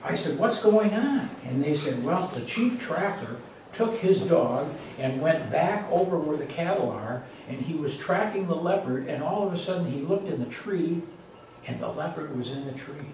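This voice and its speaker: A man's voice: fairly high pitch, expressive, moderate pace, darkish tone. A man casually telling a personal anecdote in a plain, repetitive way that builds suspense. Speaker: storyteller. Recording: very echoey room, distant mic, faint noise.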